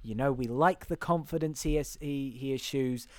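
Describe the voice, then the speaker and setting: A man's voice: medium pitch, moderate pace, a little mellow, no echo. A chatty man in a casual podcast chat, laughing often between his points and tripping over his own restarts. His voice sits dry and close, with no room sound around it. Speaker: podcast co-host.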